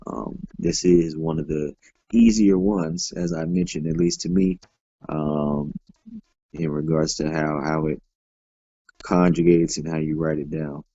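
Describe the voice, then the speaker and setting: A man's voice: a bass voice, big pitch swings, unhurried, creaky, mellow, no room sound, muffled recording. A man teaching a Hebrew grammar class, explaining step by step with frequent fillers and self-corrections, recorded in a classroom.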